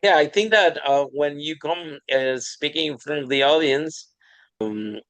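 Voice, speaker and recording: A man's voice: a little high, unhurried, a bit bright, low-quality recording. Hesitant male podcast host. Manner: hesitant, many fillers. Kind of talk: casual interview chat.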